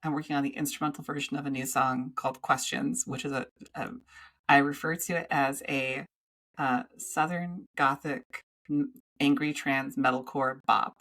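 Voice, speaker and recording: Low-voiced woman chatting on a podcast. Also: fairly even intonation, a bit bright. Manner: rambling, halting, with many restarts. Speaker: podcast co-host. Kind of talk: casual podcast chat.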